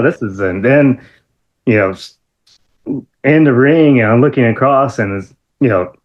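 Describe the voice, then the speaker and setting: A middle-aged man, a former wrestler, telling animated stories as an interview guest, excitable, with many fillers and sudden high-pitched outbursts. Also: normal speed, highs cut off. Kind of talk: animated storytelling.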